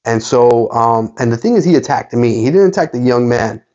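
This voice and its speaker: Animated man telling a story. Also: mid-range voice, a little fast, muffled recording. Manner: animated retelling, frequent fillers and restarts. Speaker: sports card collector and channel host. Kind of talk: casual storytelling.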